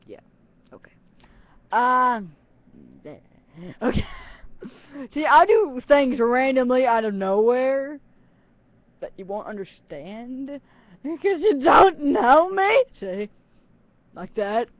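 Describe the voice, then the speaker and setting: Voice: sits high, expressive, slow pace, long pauses, no room sound, highs cut off. A teenager talking casually into a webcam on their own channel, rambling and giggling with plenty of self-mocking asides. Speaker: channel host.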